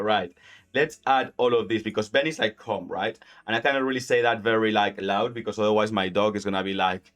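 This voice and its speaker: A man's voice: on the low side, fairly even intonation, a little fast, fairly bright tone. A Spanish-speaking man, casually teaching Spanish while gaming, chatty and full of "like". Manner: chatty, heavy use of "like", laughs often. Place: at home. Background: faint game music.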